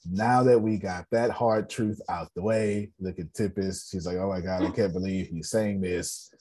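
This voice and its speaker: A man's voice: low voice, steady tone, moderate pace, dark tone. A man coaching an online business meeting in a blunt, joking way, repeating his phrases with a preacher-like rhythm. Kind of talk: animated motivational talk.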